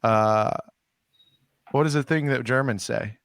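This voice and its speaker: A man co-hosting a comedy podcast, chatting in a halting, deadpan way with many fillers. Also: mid-range voice, vocal fry, no room sound, studio quality. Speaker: podcast co-host. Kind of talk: casual chat. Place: Texas.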